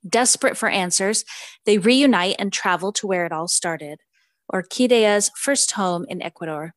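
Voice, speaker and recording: A woman's voice: medium pitch, moderate pace, no echo. A woman co-hosting a podcast in casual chat, chatty and giggly with many fillers, also reading out a book synopsis. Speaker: podcast co-host.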